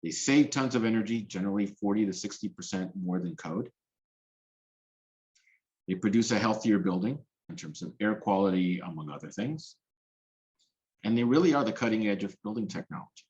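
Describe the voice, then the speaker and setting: Man, low-pitched, presenting policy in a webinar, earnest, restarts a lot, muffled lo-fi audio. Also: lively intonation, moderate pace, long pauses, darkish tone. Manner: earnest, with frequent restarts and fillers. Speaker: policy specialist presenting a talk.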